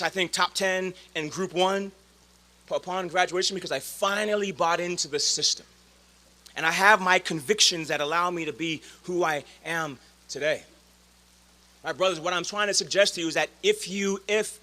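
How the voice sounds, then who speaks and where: A man in his forties giving a commencement speech, storytelling with dramatic swings from loud calls to hushed lines. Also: sits high. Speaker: commencement speaker.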